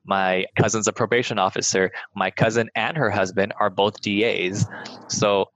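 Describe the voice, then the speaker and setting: A man's voice: on the low side, fairly even intonation, normal speed, fairly bright tone. A young man, a podcast guest, telling personal stories candidly and swearing casually. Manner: frank, casual swearing, lots of "like". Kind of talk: candid storytelling. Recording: slightly muffled, dry.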